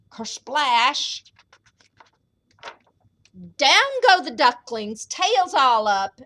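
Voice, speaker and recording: A woman librarian reading a picture book aloud to children at storytime, expressive and animated. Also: high-pitched.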